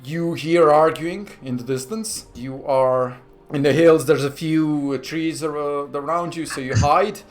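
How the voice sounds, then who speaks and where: Man game master, easygoing narration, frequent laughs and fillers, soft music under. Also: fairly high pitch, slow. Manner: laughing often, hesitant fillers.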